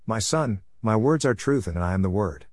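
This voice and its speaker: A man's voice: fairly low pitch, expressive, normal speed, darkish tone, no room sound, clean studio sound. A man voicing the Lord as a stern, solemn judge in a retold vision.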